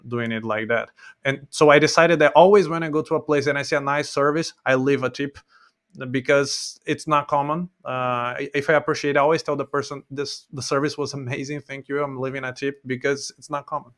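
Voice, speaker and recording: A man's voice: medium pitch, steady tone, normal speed, a bit bright. A man from Brazil, a native Portuguese speaker with a Brazilian accent, talking earnestly as a podcast guest. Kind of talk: casual interview chat.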